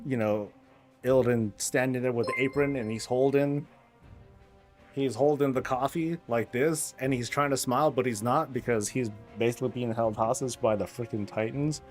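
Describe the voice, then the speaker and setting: A man's voice: medium pitch, fairly even intonation, moderate pace, soft background music. A man streaming, chatting casually, rambling and joking, swearing freely. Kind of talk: casual chat.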